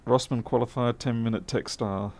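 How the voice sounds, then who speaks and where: A man's voice: medium pitch, fairly even intonation, fairly quick, darkish tone. A man talking casually to camera while repairing a laptop in his workshop, chatty and self-mocking, muttering as he works. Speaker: electronics repair technician. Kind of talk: casual workbench commentary.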